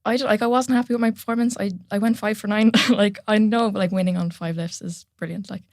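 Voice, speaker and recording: A young woman with an Irish accent, a guest chatting casually on a podcast, full of "like" and quick laughs. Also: mid-range voice, steady tone, a little mellow, no room sound, clean studio sound. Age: young adult. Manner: chatty, lots of "like", laughs while telling stories. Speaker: guest powerlifter. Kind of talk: casual interview chat.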